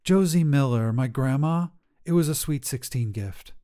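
A man voicing an exasperated nineteen-year-old woman on a phone call, quick to anger and pleading. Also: mid-range voice, dark tone, lightly acted. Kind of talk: audio drama reading.

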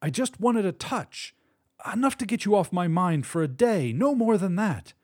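A bitter drugged man goading his partner, his voice pushed up high and loud, as a male narrator puts him on. He sounds mocking and careless in this dark story reading. The voice sits well above the reader's usual pitch. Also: lively intonation, normal speed, dry recording, studio quality.

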